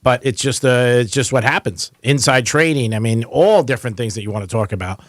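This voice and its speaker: A man's voice: medium pitch, animated, fairly quick, dry recording, clean studio sound. A man hosting a radio show, chatting casually and teasing a caller. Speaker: radio host. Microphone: studio mic.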